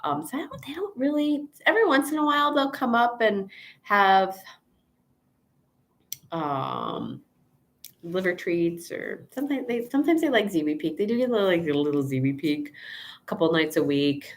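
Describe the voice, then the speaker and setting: A woman's voice: mid-range voice, animated, normal speed. A woman veterinarian hosting a casual live Q&A, chatty and rambling, with asides and acted-out quotes. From Chicago area, USA.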